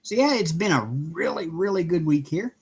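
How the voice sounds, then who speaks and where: A man's voice: a little high, expressive, moderate pace. A man hosting a casual live stream from home, cheerfully greeting viewers one by one by name while he works on a craft project. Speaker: livestream host.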